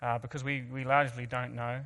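A man's voice: medium pitch, level tone, brisk, fairly bright tone, big-room sound. A man from New Zealand with a New Zealand accent, earnestly telling an audience his personal story with self-mocking asides and frequent restarts. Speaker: guest speaker.

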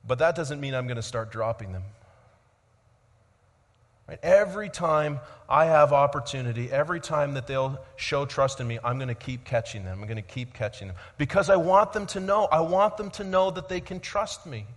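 A man's voice: fairly high pitch, moderate pace. Dynamic male preacher in a reverberant hall. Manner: dynamic preaching, swinging between loud emphasis and quiet reflection. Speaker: pastor. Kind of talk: sermon.

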